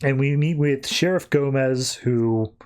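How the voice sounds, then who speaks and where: A man's voice: mid-range voice, unhurried, a little mellow. A man hosting a podcast, casually retelling a comic issue in a chatty, loose way with plenty of fillers. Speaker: podcast host. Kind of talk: casual comic book recap.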